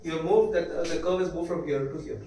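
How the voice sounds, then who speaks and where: Man lecturing, indian english accent, high voice, repeats himself, roomy classroom, mic far off. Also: mellow. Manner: repetitive, checks understanding with quick questions. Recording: echoey room, mic far off.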